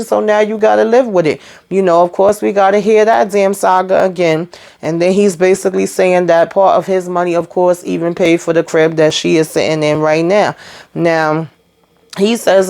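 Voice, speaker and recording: A woman's voice: lowish voice, vocal fry, a little mellow. A woman hosting a casual TV recap, chatty and sassy, retelling scenes through quoted dialogue. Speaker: reality TV recap host.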